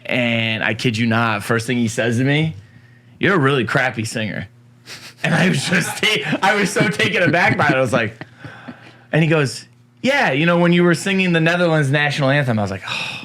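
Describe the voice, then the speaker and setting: A man's voice: a little high, lively intonation, a little fast, a bit bright. A man co-hosting a casual talk show, joking and teasing his partner in an upbeat way. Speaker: co-host. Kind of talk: casual morning show banter.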